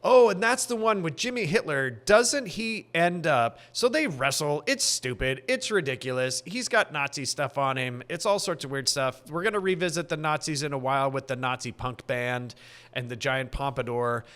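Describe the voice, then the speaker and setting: Excited man rambling about a cult film. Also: a little high, normal speed. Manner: animated, rambling, laughs often. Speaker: podcast co-host. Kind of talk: casual movie chat.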